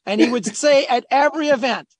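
A former hockey player talking as a guest at a golf charity event, telling stories in a chatty, animated way. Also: male voice, very high voice, fairly quick, breathy edge, no echo. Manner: animated, chatty, acts out quotes. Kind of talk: storytelling.

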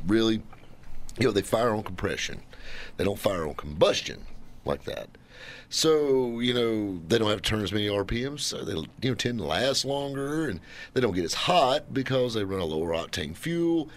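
A man hosting a casual car talk show, rambling and folksy with lots of filler. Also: mid-range voice. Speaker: radio show host.

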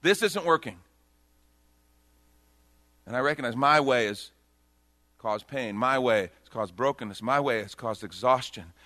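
A pastor preaching a sermon in a conversational style, joking about himself and swinging from hushed, slow lines to loud, excited ones. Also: male voice, medium pitch, dry recording.

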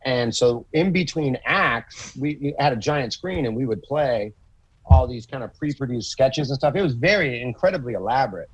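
A man chatting on a podcast, telling stories with swearing and lively acted-out quotes. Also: medium pitch, moderate pace, husky, dry recording, low-quality recording. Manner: profane, animated storytelling with acted quotes. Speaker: comedian guest. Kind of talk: casual podcast chat.

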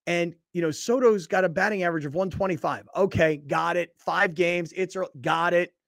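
With vocal fry and a moderate pace, this man hosts sports talk radio in clean studio sound with no echo. He chats loosely, handles a sponsor read, and recounts a story with mounting outrage, getting louder and higher-pitched as it builds.

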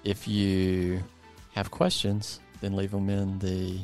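A man hosting a podcast, chatting in a relaxed, upbeat way with some restarts. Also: low voice, slow, soft background music. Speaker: podcast host. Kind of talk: casual podcast chat.

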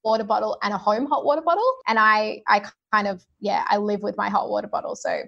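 A woman, a podcast guest who speaks in an earnest, soft-spoken and slightly hesitant way. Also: medium pitch, quick pace, gravelly, lo-fi sound. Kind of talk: casual podcast chat.

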